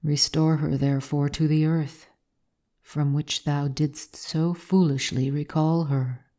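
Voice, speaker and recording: A cold male sorcerer from a gothic storybook, read by a woman in a low, dark voice. He speaks in slow, solemn, archaic phrases, giving stern commands. The tone stays mellow and unhurried throughout. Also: steady tone.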